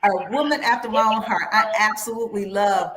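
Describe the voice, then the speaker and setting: A woman's voice: mid-range voice, brisk, a loud crowd. A woman hosting a talk radio show, enthusiastic and effusive with callers. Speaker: radio host.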